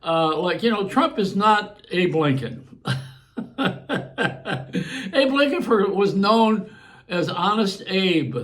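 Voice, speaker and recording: A man's voice: high-pitched, takes it slowly, pauses often. Chuckling older radio man, rambling. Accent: New York. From Buffalo, New York. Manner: chuckling, digressive and animated. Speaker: radio host. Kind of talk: rambling casual monologue.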